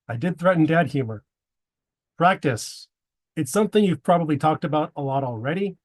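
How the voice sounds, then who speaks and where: A man's voice: a little high, expressive, fairly quick. A man giving a prepared presentation to a men's group, slipping wry dad jokes between his tips.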